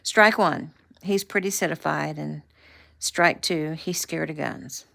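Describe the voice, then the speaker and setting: A woman's voice: sits low, creaky, pushed and bright, exaggerated voice. A woman reading as a sassy young ranch daughter. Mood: playful. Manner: brisk, sassy, teasing.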